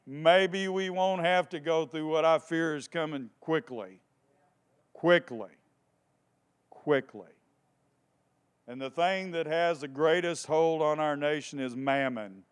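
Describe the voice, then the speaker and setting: A man preaching a sermon with passion, repeating phrases for emphasis and swinging between hushed tones and shouting. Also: a little high, unhurried, few pauses, clean tone.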